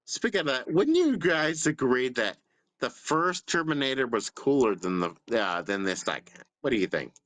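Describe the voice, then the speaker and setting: A man guest on a casual live stream, talking in a drawn-out, tipsy, repetitive way. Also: mid-range voice, sing-song, a bit bright, dry recording. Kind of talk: casual stoned stream chat.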